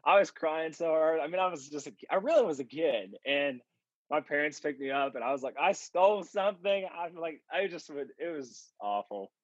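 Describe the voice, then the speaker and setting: A male podcast guest giving storytelling interview answers, animated and acting out the voices of people he quotes. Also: a little high, normal speed, no echo, dull audio. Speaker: podcast guest, marketing consultant.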